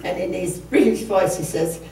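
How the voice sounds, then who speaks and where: A woman's voice: fairly low pitch, moderate pace, creaky, warm tone. Chatty woman in her seventies, echoey hall. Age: 70s. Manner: chatty, rambling, laughs at herself. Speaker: storyteller at a community concert. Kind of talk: humorous anecdote to a live audience. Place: community hall. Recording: echoey hall, distant mic, faint room noise.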